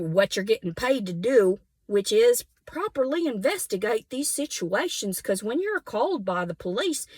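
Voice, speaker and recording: A woman's voice: fairly high pitch, dry recording. Angry, defiant woman. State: hot and sweating. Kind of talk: impassioned monologue to camera.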